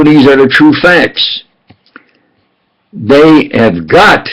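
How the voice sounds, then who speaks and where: A man in his eighties in a rambling, aggrieved monologue, halting and repeating himself. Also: mid-range voice, creaky, fairly bright tone, husky, rough recording. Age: 80s. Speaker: self-published speaker.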